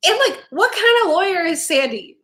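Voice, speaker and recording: A woman's voice: extremely high pitch, expressive, moderate pace, fairly bright tone. A woman co-hosting a podcast, chatting casually and animatedly about a TV show and leaning on "like" and "it's so funny.". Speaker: podcast co-host. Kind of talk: casual chat recapping a TV show.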